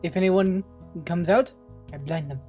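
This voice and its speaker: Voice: medium pitch, highs cut off, soft background music. A tabletop player teasing the others in casual game chat. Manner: teasing, quick retorts.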